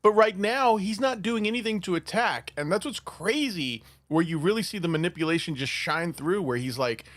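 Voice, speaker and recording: A man's voice: high-pitched, expressive, moderate pace, few pauses, fairly bright tone, no room sound. A man co-hosting a podcast in casual chat, exasperated and laughing. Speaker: podcast co-host.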